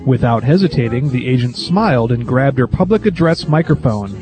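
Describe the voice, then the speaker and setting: Mellow radio guy reading jokes, wry, faint music. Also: medium pitch, expressive, moderate pace, hardly any pauses. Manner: wry, storytelling. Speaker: radio comedy host.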